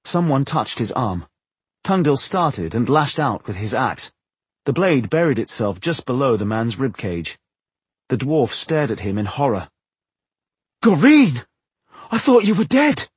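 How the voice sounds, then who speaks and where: A man narrating a fantasy novel as an audiobook, telling it in an expressive way. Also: mid-range voice, measured pace, husky, no room sound. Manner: expressive storytelling.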